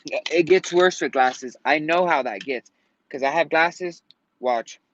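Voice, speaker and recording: A man's voice: a little high, slow, a bit bright. A man venting in a casual vlog rant, rambling and swearing often out of frustration. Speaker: vlogger. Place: at home in Colorado. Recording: dull lo-fi sound.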